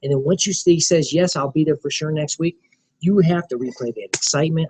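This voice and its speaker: A man training a small group in network marketing, animated and coaching, often acting out sales dialogue. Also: fairly high pitch, brisk, noisy background.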